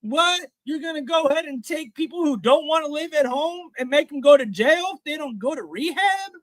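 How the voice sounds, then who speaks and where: Man, high voice, angry profane livestream rant, dry sound. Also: lively intonation, normal speed, no room sound. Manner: heated, profane, often shouting. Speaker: livestream host. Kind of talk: profane live reaction rant.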